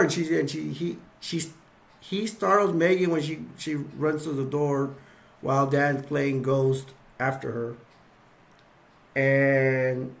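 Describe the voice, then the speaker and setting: A man casually recapping a film's scenes, rambling and repeating himself as he acts bits out. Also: medium pitch. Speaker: movie reviewer.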